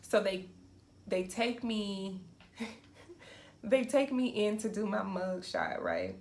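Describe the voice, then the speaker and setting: A woman's voice: mid-range voice, big pitch swings, slow. A young woman vlogger telling a casual storytime, acting out quotes and laughing often.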